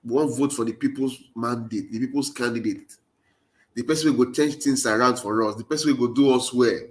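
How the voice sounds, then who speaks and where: A man's voice: medium pitch, fairly even intonation, brisk. Nigerian-accented man urging voters. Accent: Nigerian Pidgin English. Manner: urgent, exhorting with repeated rallying phrases. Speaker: political commentator. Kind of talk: impassioned political monologue.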